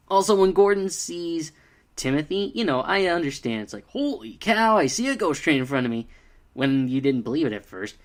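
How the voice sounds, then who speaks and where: A young man talks through a casual video review in an exasperated, animated way. His pitch swings widely as he reacts, and he fills his sentences with "uh," "like" and "I mean.". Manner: exasperated, animated, many fillers.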